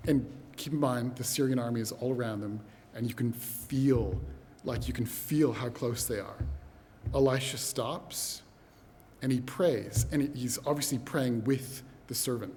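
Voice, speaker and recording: A man preaching a sermon, telling a scripture story in a lively, animated way and speaking to the congregation as brothers and sisters. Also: medium pitch, unhurried, a little hiss or hum. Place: church hall. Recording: long hall reverb.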